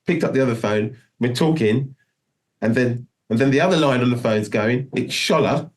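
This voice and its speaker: A man's voice: mid-range voice, moderate pace. A middle-aged man telling a long story in a casual interview, rambling and restarting often. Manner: rambling, full of restarts and "do you know what I mean". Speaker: guest musician.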